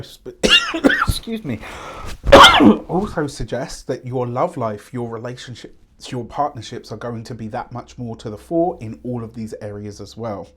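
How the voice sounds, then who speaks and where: A man giving a weekly tarot reading, chatty and rambling, often pausing with fillers and asides. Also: mid-range voice, darkish tone. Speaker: tarot reader.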